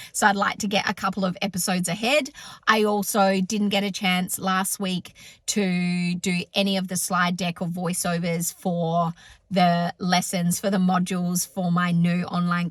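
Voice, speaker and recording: A woman's voice: fairly low pitch, a bit bright, dry recording. Chatty Australian woman vlogging at home. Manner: chatty, candid, breezy. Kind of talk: casual vlog chat.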